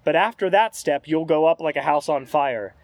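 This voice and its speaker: A man reading aloud as the calm spirit of a redeemed man, patient and earnest. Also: a little high, moderate pace, dry recording, close to an everyday voice. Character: calm redeemed man's spirit, gently correcting. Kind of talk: read-aloud scene in a sermon.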